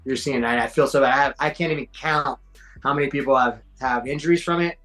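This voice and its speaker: A man's voice: mid-range voice, fast talker, fairly bright tone, faint music behind, poor audio. A man in his forties, a podcast guest, telling stories in casual chat, slangy and swearing, acting out quotes. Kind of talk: casual storytelling.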